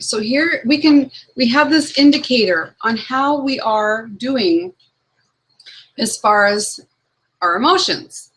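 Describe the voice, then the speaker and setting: This woman, a law of attraction trainer hosting an online talk show, reads quotes with heartfelt earnestness. Her voice is a little high and fairly bright, recorded on a webcam call setup with poor audio.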